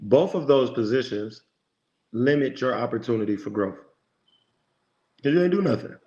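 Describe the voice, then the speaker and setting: Gars parlant AAVE, voix moyenne, motivant, cite ses propres pensées. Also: male voice, medium pitch, darkish tone, highs cut off. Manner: emphatic, preachy, lots of quoted self-talk. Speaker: podcast guest, motivational speaker. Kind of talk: conversational interview talk.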